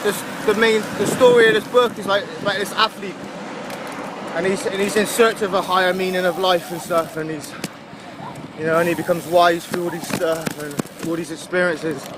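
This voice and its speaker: A man's voice: high-pitched, fairly even intonation, moderate pace, noisy background. Chatty Gloucestershire man filming while cycling. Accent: Gloucestershire English. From England. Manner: rambling, chatty, with frequent fillers and laughs. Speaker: touring cyclist vlogger. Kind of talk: casual video diary. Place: outdoors on a roadside while cycling.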